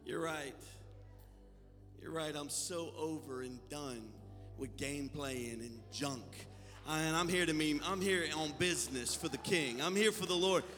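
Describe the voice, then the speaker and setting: A high-pitched man preaches with fervor, rallying his congregation. His voice is bright and forceful, carrying a long church-hall reverb with faint music underneath. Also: measured pace. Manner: fervent, exhorting, calls out to the congregation. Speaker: pastor. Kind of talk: sermon and worship leading. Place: church sanctuary.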